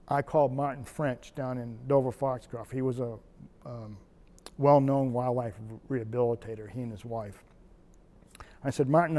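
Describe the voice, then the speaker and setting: A man's voice: mid-range voice, a little mellow, big-room sound. An older man from Maine, a wildlife biologist, telling rambling anecdotes with restarts and quoted dialogue. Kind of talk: oral history storytelling.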